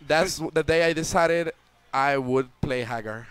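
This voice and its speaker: Animated young man telling a story. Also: on the high side, a little slow, clear, resonant tone, no echo. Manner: lively, acts out voices in the story. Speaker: interview guest, tournament player.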